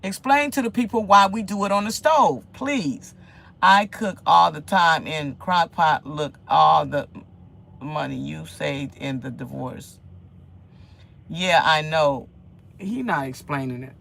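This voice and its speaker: A woman with a deep, creaky voice speaks slowly as she vlogs from her home kitchen. She chats casually with viewers, rambling animatedly through a story and repeating phrases often.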